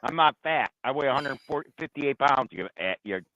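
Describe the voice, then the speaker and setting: A man's voice: mid-range voice, expressive, fairly quick, bright, forceful tone. A man in his fifties in a casual argument, blunt and sarcastic, with a dull lo-fi recording. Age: 50s. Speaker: co-host. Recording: dull lo-fi sound.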